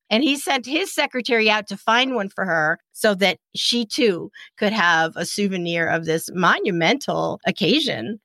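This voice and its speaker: A woman's voice: fairly high pitch, lively intonation, moderate pace, few pauses, sharp tone, no echo. A woman co-hosting a casual history podcast, chatty and informal. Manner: chatty, uses "you know" often. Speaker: podcast co-host.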